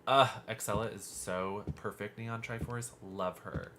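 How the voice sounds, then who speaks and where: A man's voice: fairly low pitch, steady tone, unhurried, few pauses, a bit bright, slight background noise. A man streaming a horror game live, chatting in a gushing, campy way as he plays. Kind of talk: live gameplay commentary. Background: game music.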